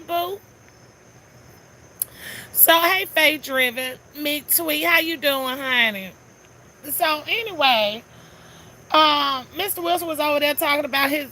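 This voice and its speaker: High, bright-voiced sassy woman streamer. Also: a little hiss or hum. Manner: chatty and sassy, greeting viewers one by one. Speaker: live streamer greeting chat viewers. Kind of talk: casual live-stream chat.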